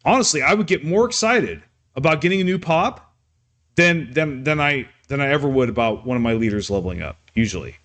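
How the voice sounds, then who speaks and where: Animated man ranting on a live stream. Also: a little high, brisk. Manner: animated, ranting, many restarts and fillers. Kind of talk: off-the-cuff live stream rant.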